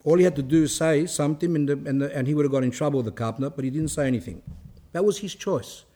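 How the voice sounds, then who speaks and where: A man's voice: a little high, fast talker, mellow. Man giving a conversational spiritual talk. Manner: conversational, reads quotes aloud then explains them. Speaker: religious teacher. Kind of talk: spiritual talk reading and commenting on a saint's life.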